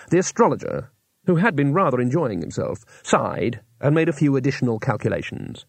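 A male audiobook narrator with a husky, slightly breathy voice at a middling pitch, telling the story in a measured way. The recording is close and dry, with no room sound. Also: big pitch swings, no room sound.

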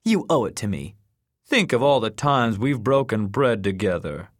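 A man's voice: mid-range voice, very animated, normal speed, no room sound, studio quality, close to an everyday voice. A man voicing a greedy, pushy heavyset man who talks eagerly and impatiently. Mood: eager, insistent.

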